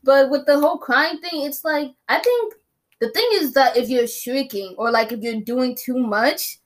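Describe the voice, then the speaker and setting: A woman in casual podcast chat, telling stories in an expressive, slangy way. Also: high voice, normal speed.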